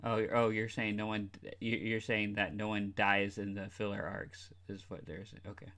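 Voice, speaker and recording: A man co-hosting a podcast, breaking in with short questions and quick acknowledgements in casual chat. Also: fairly low pitch, level tone, fairly bright tone. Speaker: podcast co-host.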